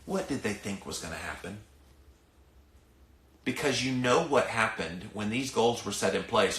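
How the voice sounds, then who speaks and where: With long pauses and a slightly slow pace, the middle-aged Southern host rants to his listeners in an animated, lowish, fairly bright voice. His podcast commentary is emphatic and preachy, and the sound is roomy.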